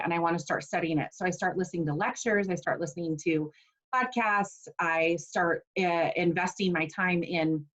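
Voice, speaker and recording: A woman's voice: mid-range voice, lo-fi sound. A woman in her forties teaching a casual online class, chatty and personal with plenty of fillers. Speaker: essential oils class teacher.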